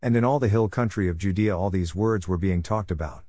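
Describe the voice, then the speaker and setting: A man reads scripture aloud in a steady, formal cadence. His voice sits low, and the recording is dry and close with no room sound. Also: brisk, dry recording. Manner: steady, even, formal reading. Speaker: scripture reader.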